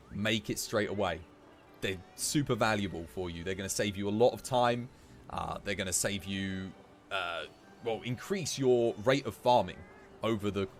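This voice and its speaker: A man streaming live and chatting casually as he plays, given to high giggling fits. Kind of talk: live gameplay commentary.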